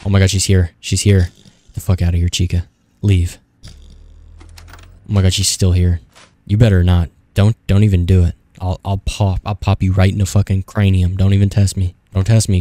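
A man's voice: low voice, dark tone. A young man giving casual, profane gameplay commentary, rambling and talking back at the screen. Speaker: gaming YouTuber.

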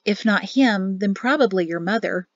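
A woman reading aloud, voicing a young expectant mother in a storybook with a soft, high, emotional voice. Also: normal speed, dry recording, natural voice. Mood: wry. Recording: dull lo-fi, dry closet sound.

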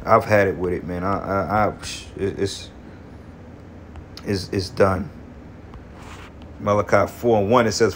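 This man speaks low with fairly even intonation over slight background noise. Teaching scripture in an angry, profane, heated way, he tags his lines with "man" and "okay" and reads verses aloud in a measured rhythm.

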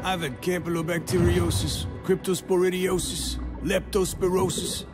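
A man's voice: sits high, level tone, normal speed, lightly acted. A man doing a folksy grizzled shark hunter. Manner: folksy drawl, calls people partner. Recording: game audio with music behind.

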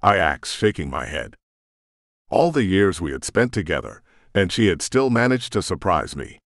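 A man narrating a first-person audiobook in a dramatic, expressive way, close to the microphone. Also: low voice, normal speed, creaky, no echo.

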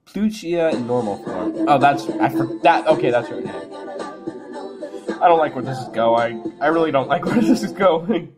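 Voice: mid-range voice, big pitch swings, unhurried. A video host casually commenting while watching a clip, laughing constantly and swearing casually. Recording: video clip music playing behind.

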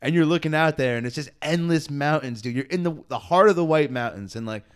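In a casual chat, a male podcast co-host recounts a travel tale laid-back and full of swearing, saying "dude" and "man" a lot. He speaks fast in a slightly high voice that is clear and resonant.

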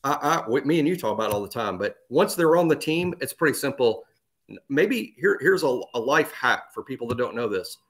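A man co-hosting a sports podcast, chatting casually and animatedly, often repeating words as he thinks. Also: on the high side. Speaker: podcast co-host.

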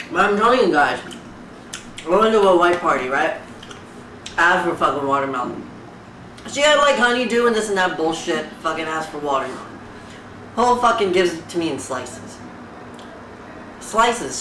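Young comic from Fiji, profane talk-show parody: loud outraged rant, bright edgy tone, recorded in an echoey room off the mic. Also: medium pitch, normal speed, long pauses. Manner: loud, animated, swearing constantly, exaggerated outrage. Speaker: comedian recreating a talk show. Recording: roomy echo, distant mic, faint background hiss.

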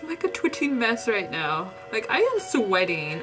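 A woman reacting live to a broadcast, excitable and emotional, gasping and sighing often and sounding close to tears. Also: mid-range voice, fairly quick, few pauses, music in the background, poor audio. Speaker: reaction vlogger.

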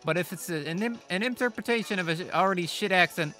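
Male let's-play host, slightly high voice, rambling self-deprecating gameplay chatter over faint game music. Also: fast, sharp tone. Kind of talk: casual gameplay commentary.

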